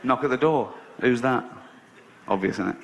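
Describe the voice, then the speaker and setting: A man's voice: medium pitch, normal speed, vocal fry, noisy background. A man doing stand-up, telling a long story with sardonic asides and plenty of swearing. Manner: sardonic, swears freely, mock-innocent storytelling. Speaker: stand-up comedian.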